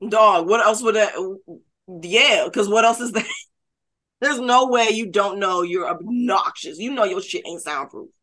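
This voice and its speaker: A woman co-hosting a casual podcast, speaking bluntly, swearing freely and often breaking into loud laughter. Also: mid-range voice, measured pace. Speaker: podcast co-host.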